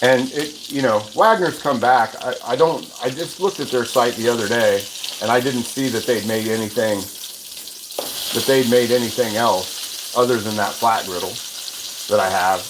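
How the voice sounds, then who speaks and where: Cooking at the stove in his home kitchen, a man hosts a livestream, speaking at medium pitch and a moderate pace. His talk is casual, chatty, and rambling, full of restarts as he answers viewers' comments. The recording is noisy with frying sizzle, backed by a sizzling pan and running water.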